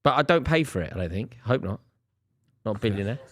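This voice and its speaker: A man's voice: lowish voice, expressive, quick pace, no room sound. A man hosting a live football stream, chatting and teasing his co-hosts. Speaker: podcast host. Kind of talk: casual chat on a live stream. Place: studio.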